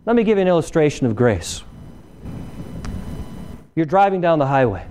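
A man's voice: big pitch swings, normal speed, warm tone. A man giving a conversational sermon, often checking in with the audience with "right?". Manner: acts out a traffic stop in a lower voice. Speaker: preacher. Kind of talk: sermon with illustration. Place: church meeting room.

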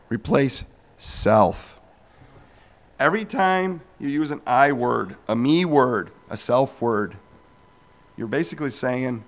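A man preaching a storytelling sermon, animated and acting out dialogues as he goes. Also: medium pitch.

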